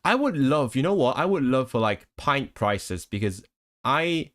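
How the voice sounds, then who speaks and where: A man's voice: mid-range voice, very animated, a little slow, fairly bright tone. A man chatting casually with his live-stream viewers, rambling with frequent laughs and restarts.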